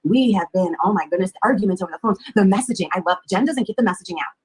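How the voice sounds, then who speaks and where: Fast-talking husky woman storyteller. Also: mid-range voice, darkish tone, poor audio. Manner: rambling, dramatic, swears freely. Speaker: podcast guest telling her story. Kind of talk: candid storytelling chat.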